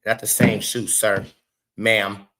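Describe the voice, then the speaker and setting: A man hosting a casual live stream, animated, swearing and talking back to his chat. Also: lowish voice, slow pace, slight background noise. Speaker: show host.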